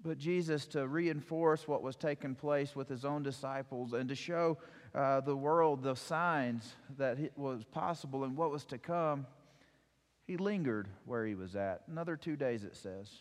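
Male preacher, mid pitch, animated storyteller; recorded with long hall reverb. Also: measured pace. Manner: storytelling, animated retelling with acted quotes. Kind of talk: sermon.

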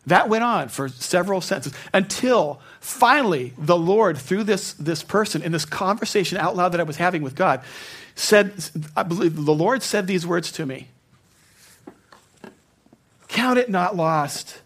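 A middle-aged man preaching a sermon, telling personal stories, dropping to a hush and then rising to fervent emphasis. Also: high-pitched, expressive, normal speed, slightly rough. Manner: personal storytelling, swings from hushed to fervent. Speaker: pastor.

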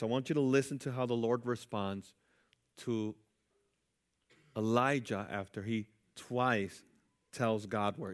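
A pastor preaching an emphatic sermon, calling out to his listeners. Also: lowish voice. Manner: emphatic, calls out to the congregation.

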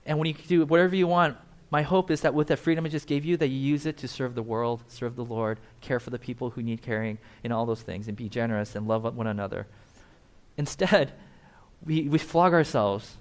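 A male preacher with a somewhat high voice delivers a conversational sermon. He talks straight to his listeners and slips into quick acted-out voices for the people he describes. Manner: conversational, animated, acts out quotes. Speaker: pastor.

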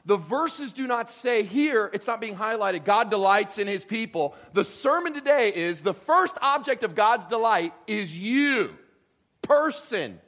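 A man preaching a sermon as pastor, joking and animated, swinging from loud lines to hushed ones. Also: high voice, a little slow.

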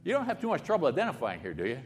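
A high-pitched man preaches with lively swings of pitch, chatting with his listeners and tossing them rhetorical questions. His voice rings out with a long reverb, as if carried through a large church hall. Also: very fast, breathy edge. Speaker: pastor. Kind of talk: sermon.

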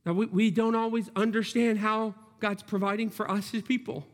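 A man with a high-pitched voice preaches a sermon in a church hall with a long reverb. He works through his points earnestly, restarting phrases as he reasons aloud. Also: flat delivery, moderate pace. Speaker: pastor.

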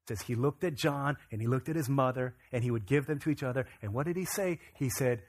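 A man preaching a sermon, moving between quiet reflection and loud, emphatic bursts. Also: medium pitch, big pitch swings, normal speed, husky. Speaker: pastor.

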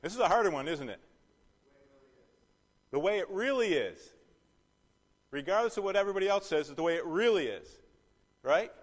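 A man's voice: sits high, sing-song, brisk, long pauses, in a large hall. A man teaching a Bible study, asking the class questions and repeating key phrases.

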